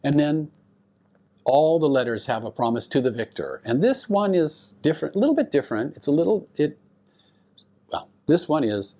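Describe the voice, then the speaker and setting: A man teaching a recorded Bible lecture, speaking deliberately and asking his listeners rhetorical questions. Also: mid-range voice, sing-song, dark tone. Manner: explains Greek grammar to students.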